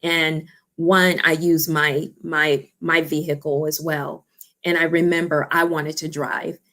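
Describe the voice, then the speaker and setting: A woman's voice: sits low, little pitch movement, slow, fairly bright tone. A woman who founded a support organization tells a personal story in an interview, earnest and heartfelt, often saying "you know" and "I remember".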